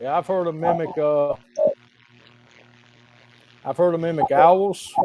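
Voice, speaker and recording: A man telling a firsthand story on a live call in an emphatic, drawn-out way. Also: on the high side, steady tone, music in the background, low-quality recording. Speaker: guest sharing field experiences.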